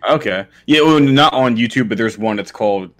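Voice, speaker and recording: A man co-hosting a podcast in casual chat, rambling as he pitches ideas, full of likes and restarts. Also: a little fast. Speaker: podcast co-host.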